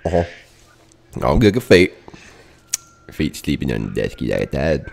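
A man's voice: a bass voice, very animated, a little slow, creaky. A man hosting a casual gaming stream, joking and bantering with viewers and teammates. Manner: joking, bantering, playfully bossy. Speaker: streamer host.

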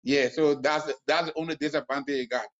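A man and new homeowner, talking haltingly on a video call with many restarts. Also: fairly high pitch, fairly even intonation, lo-fi sound. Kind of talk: casual testimonial on a video call.

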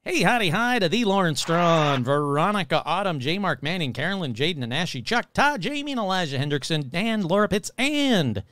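Guy hosting his podcast, pretty high voice, bouncy and jokey, reading off names, dry sound. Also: a little fast, few pauses, no echo. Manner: animated, jokey, rattles off listener names. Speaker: podcast host. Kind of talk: casual podcast monologue.

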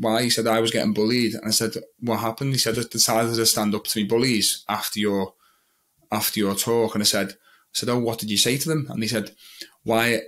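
A young man with a mid-range, slightly bright voice appears as an interview guest; he's a magician and mental health advocate. Candidly recounting his past, he rambles a bit, restarts often, and quotes his own thoughts.

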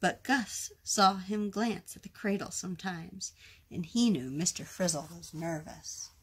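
A woman reading a children's picture book aloud in a gentle, expressive storytime manner. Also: on the low side, a little slow, slight background noise. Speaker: storytime reader.

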